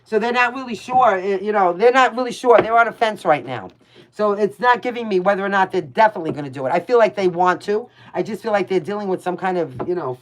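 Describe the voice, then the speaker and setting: A woman's voice: medium pitch, a little hiss or hum. A woman with a New York accent giving casual, blunt tarot readings on a livestream, chatting with viewers by name and swearing freely. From Brooklyn, New York.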